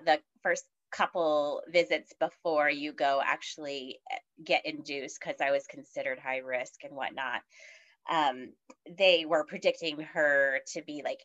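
A woman's voice: low voice, fairly bright tone. A woman guest on a podcast, telling a personal story in a casual chatty way, with lots of fillers and acted-out quotes. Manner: chatty, many fillers, acts out quoted voices. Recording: dull lo-fi audio.

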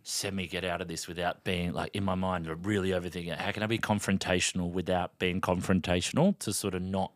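An Australian man on a podcast, animatedly telling a long story and acting out the lines of the people in it, sometimes dropping to a hushed aside. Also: low-pitched, flat delivery, quick pace, hardly any pauses, dry recording, studio quality. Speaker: podcast co-host. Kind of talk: casual storytelling chat.

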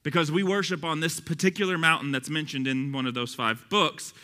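A man's voice: a little high, steady tone, fairly quick, bright, forceful tone. A man playing an indignant believer. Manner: scolding, dismissive. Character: indignant male believer claiming the true faith. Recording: long reverb of a large hall.

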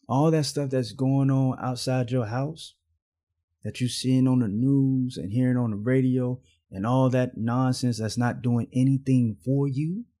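In a relaxed podcast monologue, the host, a man with a warm, mid-range voice, mixes storytelling with preaching. He tends to stretch his phrases into a drawl.

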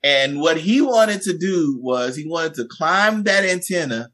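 A man with a bright, forceful voice, pitched a little high for a man, spinning a classroom anecdote with lively energy. He is a teacher and podcast guest who acts out the voices in his story. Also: measured pace. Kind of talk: animated storytelling in conversation.

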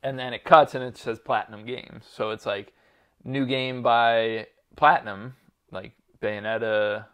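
A man's voice: medium pitch, fairly even intonation, measured pace, fairly bright tone, smooth. A man co-hosting a casual podcast chat, rambling with lots of fillers, laughter and swearing. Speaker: podcast co-host.

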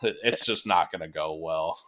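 A man hosting a podcast, chatting casually about sports in a relaxed, laid-back way, with lots of fillers and the odd curse word. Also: low voice, measured pace. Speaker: podcast host.

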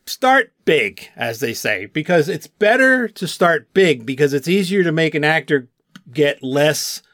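An older man, a voice actor, chatting on a podcast and telling stories with quick impressions. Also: a little high, expressive, a bit bright, dry recording, clean studio sound. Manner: storytelling, drifts into quick impressions. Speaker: guest voice actor. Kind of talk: casual podcast chat.

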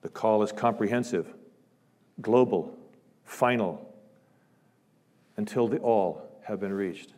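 A man's voice: on the low side, slow, pauses often. Impassioned male preacher in a reverberant church. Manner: impassioned, swells loud on scripture quotes and drops to hushed asides. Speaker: guest preacher. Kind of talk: sermon. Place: large church sanctuary.

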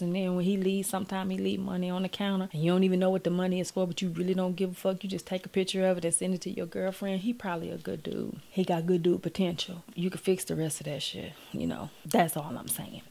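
Gravelly, blunt woman vlogging advice. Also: lowish voice, a little mellow. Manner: profane, blunt, rambling. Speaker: vlogger giving relationship advice. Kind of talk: casual comedic monologue to camera. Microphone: phone camera.

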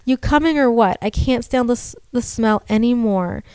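A woman's voice: fairly high pitch, moderate pace, a little mellow, smooth, dry recording, natural voice. A woman reading a spooky story aloud, voicing a disgusted and frightened man who wants to leave. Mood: urgent. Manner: gagging, urgent.

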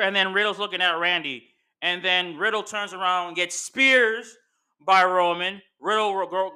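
A man's voice: high-pitched, pushed and bright, clear, resonant tone. A man hosting casual commentary, rambling through his ideas with lots of fillers and restarts. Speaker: wrestling commentary host.

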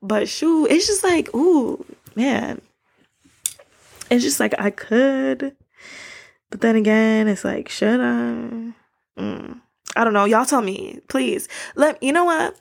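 A woman's voice: on the high side, lively intonation, slow pace, gravelly, long pauses. A young woman hosting a podcast, chatting casually to listeners and ranting animatedly with slang. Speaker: podcast host.

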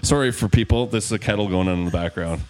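A man's voice: low-pitched, quick pace. A man hosting a casual podcast from a room in a big old house, rambling, with lots of fillers and restarts. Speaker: podcast host.

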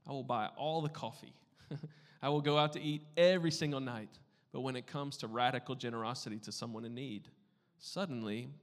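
A man preaches in a church sanctuary, his mid-range voice trailing off into the long reverb of a large hall. He talks like a conversational pastor, tossing in playful asides, then dropping into hushed, earnest tones before building back to loud emphasis. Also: mid-range voice. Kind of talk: sermon.

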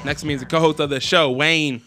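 Young male host for a loose entertainment chat show; bright, lively delivery full of jokes. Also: on the high side, quick pace, soft background music. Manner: joking, animated storyteller who mimics voices. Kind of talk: casual podcast chat.

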